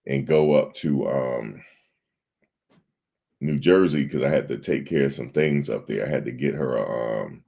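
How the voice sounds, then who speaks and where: A man's voice: very deep voice, vocal fry, mellow, breathy edge. A man hosting a livestream, rambling in casual chat and talking straight to his viewers in the chat. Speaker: livestream host.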